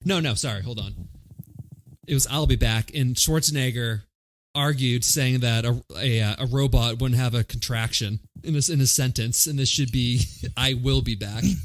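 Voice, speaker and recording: A man's voice: mid-range voice, normal speed. A man co-hosting a movie podcast, talking casually with plenty of swearing and acted-out quotes. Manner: profane, jokey, acts out quotes. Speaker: podcast co-host. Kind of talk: casual movie-review chat.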